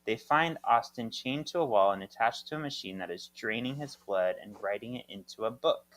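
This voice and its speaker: A man co-hosting a podcast, reading a plot summary aloud in brisk, clipped sentences. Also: medium pitch, expressive, a bit bright. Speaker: podcast co-host.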